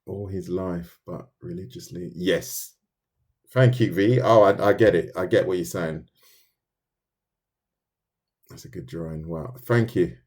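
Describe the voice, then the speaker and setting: A man from London with a deep, low-pitched voice and a London accent. He chats casually while sketching on a live stream, talking his process through out loud, and reacts to viewer comments with loose, restarting sentences. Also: unhurried, pauses often. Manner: chatty, loose and thinking aloud, reads viewer comments, many restarts.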